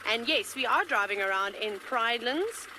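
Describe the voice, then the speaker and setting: A woman's voice: fairly high pitch, lively intonation, moderate pace, pushed and bright, a little hiss or hum, poor audio. A woman safari field guide giving chatty, enthusiastic live commentary from a game-drive vehicle, with a tickle in her throat. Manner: chatty and enthusiastic, talks to kids.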